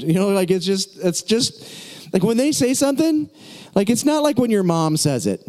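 Excitable, jokey preacher man in a reverberant hall. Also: high-pitched, moderate pace. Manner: excitable, jokey, laughs often, conversational asides. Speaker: pastor. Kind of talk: sermon.

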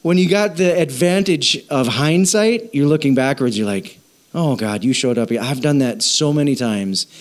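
A man's voice: mid-range voice, moderate pace. A man preaching a sermon in a casual, joking way, often asking his congregation questions. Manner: animated, jokey, asks the congregation questions. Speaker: pastor.

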